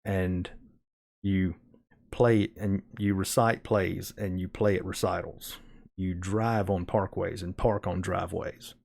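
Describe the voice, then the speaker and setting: A man's voice: sits low, steady tone, slow, gravelly, darkish tone. A man with a fairly thick Southern American accent, chatting casually with viewers on a live stream and often restarting his words. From Southern United States.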